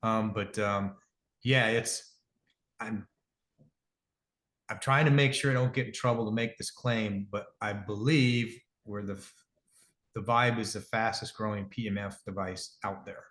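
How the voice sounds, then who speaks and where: A man's voice: fairly low pitch, fairly even intonation, unhurried, a bit bright. A middle-aged man talking casually as an interview guest, rambling, correcting himself as he goes, earnest about his business. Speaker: guest, device company founder. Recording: roomy echo.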